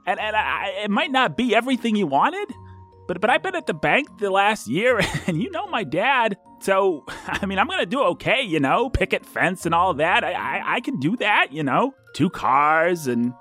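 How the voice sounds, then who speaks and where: A man's voice: sits high, big pitch swings, normal speed, pushed and bright, soft background music, exaggerated voice. A man voicing a nervous young man who stammers, laughs nervously and turns tearful while proposing, in audio drama acting.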